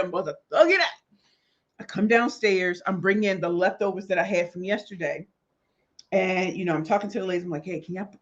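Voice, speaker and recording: A woman hosting a casual livestream, greeting viewers by name in a lively, slangy way and sounding a little tired. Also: fairly low pitch, lo-fi sound. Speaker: livestream host.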